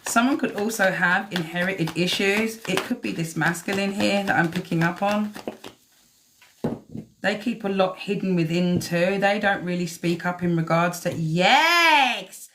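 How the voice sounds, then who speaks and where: A woman's voice: on the low side, fairly even intonation, normal speed, noisy background. A woman doing a live-stream tarot reading, chatty and swearing freely as she talks to the cards. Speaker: tarot reader.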